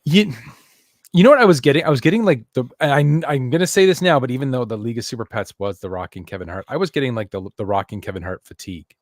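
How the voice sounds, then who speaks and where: A man chatting on a podcast with a loose, joking, rambling manner, his voice sitting at an everyday middle pitch. The recording is close and dry, with no room sound around him. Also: animated, fast, no echo. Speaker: podcast co-host. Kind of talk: casual chat.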